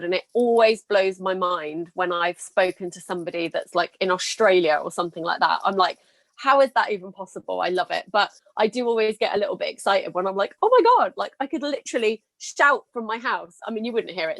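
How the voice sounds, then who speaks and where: A woman's voice: mid-range voice, fairly bright tone. A British woman hosting a podcast interview, chatty and enthusiastic, laughing easily. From Britain. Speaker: podcast host.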